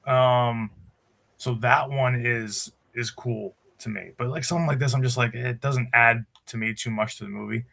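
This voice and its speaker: Bright-voiced man rambling through a film opinion. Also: mid-range voice, steady tone, moderate pace, creaky. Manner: rambling, opinionated, many restarts. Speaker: podcast co-host. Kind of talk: casual movie review chat.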